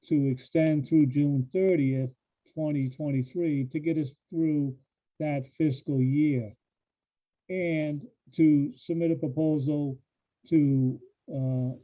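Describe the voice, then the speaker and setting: Man, public works director, tinny phone-like line, slightly high voice, matter-of-fact. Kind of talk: reporting to a town council. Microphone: phone or call line.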